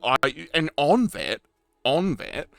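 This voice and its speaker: Bright-voiced man, animated stream host. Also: on the high side, takes it slowly, creaky. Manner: animated storyteller, acts out quotes, laughs often. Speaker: stream host interviewing a guest. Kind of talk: casual chat on a live stream.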